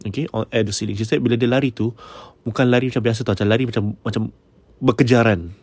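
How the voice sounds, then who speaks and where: A man's voice: medium pitch, rapid-fire, a little mellow, no echo. A man casually telling a ghost story, mixing English with Malay and often checking in with his listeners.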